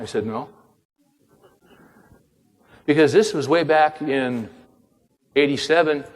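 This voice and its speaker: An older man delivers a sermon as an animated storyteller, slipping into the voices of the people in his story. His voice sits at a middle pitch and carries a long hall reverb. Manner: animated storyteller acting out dialogue. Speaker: pastor and author.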